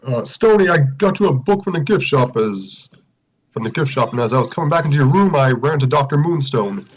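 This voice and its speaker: A man's voice: mid-range voice, animated, brisk, breathy edge. A man voicing a nervous middle-aged caveman friend who stumbles over his words.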